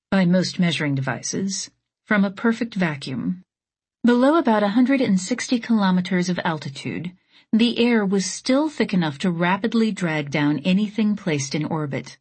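A woman narrating an audiobook in a steady, measured reading. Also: medium pitch, breathy edge. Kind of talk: scripted narration.

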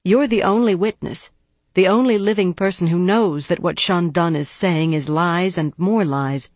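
A woman reading the lines of a cautious female prosecutor in an audiobook, deliberate and precise. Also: fairly low pitch, a little mellow, no echo, lightly acted. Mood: probing. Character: guarded, measured female prosecutor, middle-aged.

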